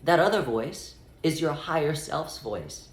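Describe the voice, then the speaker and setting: A man giving a spiritual guidance talk, speaking as "we" in a measured way and stretching out key phrases. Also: a little high, lively intonation, echoey room. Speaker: spiritual teacher.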